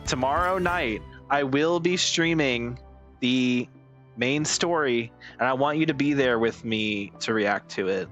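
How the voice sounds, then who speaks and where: A man streaming a game live, chatting casually and excitably with his viewers and swearing freely. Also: mid-range voice, unhurried, muffled recording, soft background music. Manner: profane, excitable, talks to chat.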